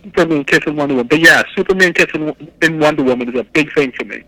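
A man's voice: a little high, fast, bright, forceful tone, no room sound, low-quality recording. A man chatting casually about comics, enthusiastic and rambling, often correcting himself mid-sentence. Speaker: podcast co-host.

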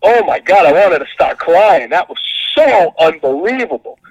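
Excitable high-voiced man, gushing. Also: moderate pace, highs cut off. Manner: excitable, gushing, jumps in pitch. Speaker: podcast co-host. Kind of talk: casual movie chat.

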